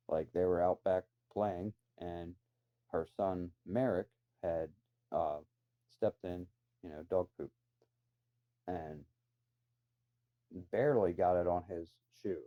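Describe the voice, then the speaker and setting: A man telling a rambling personal story in a casual way. He swears freely and adds incredulous asides. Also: low voice. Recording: dull lo-fi recording.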